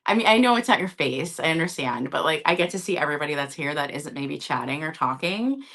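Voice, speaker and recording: A woman's voice: deep voice, expressive, fast, a bit bright. A woman hosting a live-stream vintage sale, chatty and casual, often checking in with her viewers.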